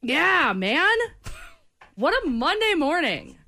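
A woman co-hosts a morning radio show, tossing out quick, sarcastic quips. Her voice is high and bright, and her pitch jumps around a lot. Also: sing-song. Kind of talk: casual radio banter.

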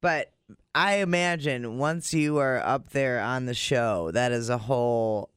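A man's voice: mid-range voice, unhurried, fairly bright tone, clear, resonant tone, no echo. A man co-hosting a casual chat, laid-back and making dry wisecracks in casual slang. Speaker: podcast co-host.

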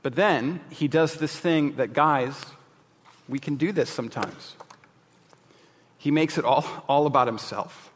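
Candid preacher in a reverberant hall. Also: male voice, fairly high pitch, a little slow, pauses often, slight background noise. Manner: candid, jokey, emphatic. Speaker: pastor. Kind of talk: sermon.

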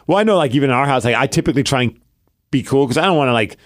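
A man in his thirties co-hosting a casual sports podcast, animated and fond of acting out his little daughter's lines. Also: mid-range voice, rapid-fire. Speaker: podcast co-host.

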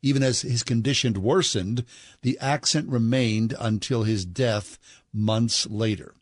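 A man's voice: mid-range voice, unhurried, no room sound, clean studio sound. Chatty male radio co-host. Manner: chatty, relaxed storyteller with frequent "mm-hmm". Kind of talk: casual radio chat.

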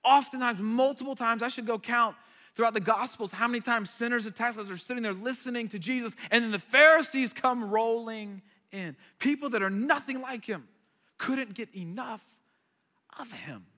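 A man preaching a sermon as pastor, conversational and animated, with repeated asides before a live audience. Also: very high voice, a little fast. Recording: long hall reverb.

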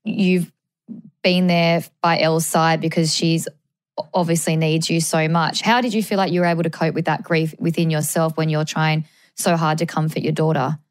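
A woman's voice: deep voice, level tone, moderate pace, no room sound. Chatty young Australian woman, dry sound. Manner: chatty, many "like" fillers. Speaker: podcast co-host. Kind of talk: casual podcast chat.

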